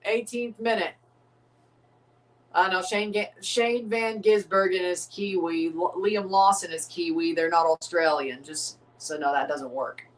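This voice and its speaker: A woman's voice: on the low side, fairly even intonation, measured pace, recorded from a distance, poor audio. Streamer host, woman, loose joking match chatter, set back from the mic. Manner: rambling, joking, reads out chat. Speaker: livestream host. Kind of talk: casual watchalong commentary.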